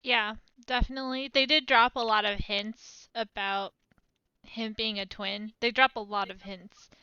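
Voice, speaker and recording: A woman co-hosts a casual film chat, candid and quick to giggle. Her voice is bright, fairly high and smooth, though the mic sounds a bit dull and lo-fi. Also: steady tone, no room sound. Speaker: podcast co-host.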